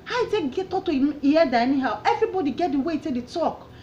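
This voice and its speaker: Nigerian woman vlogger, heated and preachy, lively high voice, faint hiss behind a muffled recording. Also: very fast. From Edo State, Nigeria. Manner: passionate, preachy, repeating questions. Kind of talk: opinion rant.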